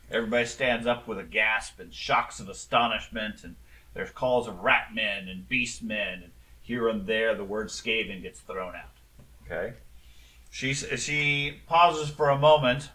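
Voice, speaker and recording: Bright-voiced man narrating as game master. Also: mid-range voice, far from the mic. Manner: relaxed storytelling with frequent ums.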